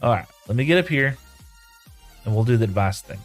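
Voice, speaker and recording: A man's voice: mid-range voice, animated, a little fast, faint music behind. A man streaming live from his home room, reading viewer chat aloud and answering in a folksy, rambling way.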